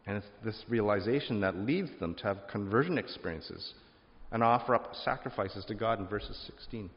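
A man preaches a relaxed, conversational sermon, reading scripture and weaving in stories about his family. His voice sits fairly low, and it carries the long reverb of a large hall through muffled, dull audio. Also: moderate pace. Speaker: pastor.

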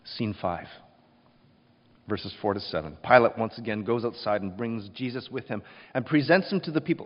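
A man preaching a sermon, telling the scene with emphatic, expressive storytelling. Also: fairly low pitch, moderate pace. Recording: dull recording with long reverb.

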